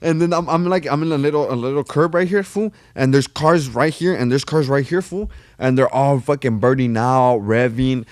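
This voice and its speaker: A man talking on a podcast in a slangy, loose, profane way, and he keeps calling his listener "fool." His voice sits at an ordinary pitch. He is recorded dry and close to the mic, with no room sound. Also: moderate pace, few pauses, no room sound. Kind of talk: casual chat, storytelling.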